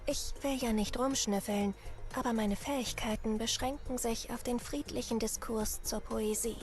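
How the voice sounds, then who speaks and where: Play a courteous young knight woman from a game, voiced by a woman, soft-spoken and a bit high, with faint music behind. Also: steady tone, normal speed, close to an everyday voice. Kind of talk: game voice line.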